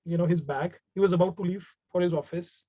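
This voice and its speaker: A man's voice: high voice, fairly even intonation, fast. Indian man telling a story on a call. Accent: Indian English. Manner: warm conversational, repeats words, mixes in Hindi. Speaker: webinar speaker. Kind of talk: storytelling talk. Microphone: video call. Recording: dull lo-fi video call audio.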